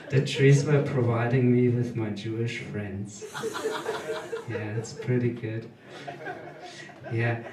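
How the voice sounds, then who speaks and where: German comic, 30s, German accent, deadpan and halting, drawn-out delivery in an echoey room. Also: male voice, medium pitch, distant mic. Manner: hesitant, deadpan, halting with many ums. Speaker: stand-up comedian. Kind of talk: stand-up comedy set. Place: small live comedy venue.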